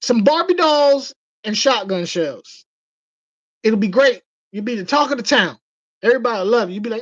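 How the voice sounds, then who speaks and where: Animated woman on a dull lo-fi livestream. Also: a little high, moderate pace, no room sound. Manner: animated storytelling, acting out quoted voices. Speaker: livestream host. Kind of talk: casual livestream chat.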